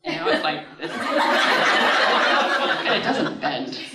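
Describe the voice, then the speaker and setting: A woman in her thirties tells a personal story at a live storytelling night, loose and chatty, often laughing and cursing mid-sentence. Her voice sits a bit low but jumps all over in pitch. She sounds like she is standing back from the mic in a roomy, echoing hall. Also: very animated, fast talker, heavy background noise. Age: 30s. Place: stage at a live storytelling event. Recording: echoey room, voice from far off the mic.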